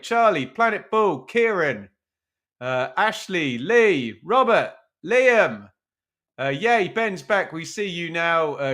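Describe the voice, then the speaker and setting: A man hosts a football watch-along live stream from his room at home. His voice sits a little higher than most men's, and he talks in a chatty, self-mocking way, reading out viewers' names. The sound is picked up at his computer. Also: fairly bright tone. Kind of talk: casual live-stream chat. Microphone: webcam stream at his computer.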